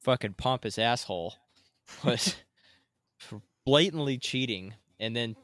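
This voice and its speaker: A man's voice: medium pitch, lively intonation, slow, a bit bright, dry recording, studio quality. A man on a casual gaming podcast, ranting and swearing constantly.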